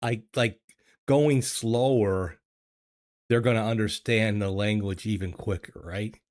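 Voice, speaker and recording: An older man, hosting a relaxed chat stream from his home studio. His voice sits low, and he talks very slowly. He stumbles over repeated words and chuckles between thoughts. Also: no room sound. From United States. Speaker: livestream host reading chat. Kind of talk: casual chat. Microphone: desk microphone.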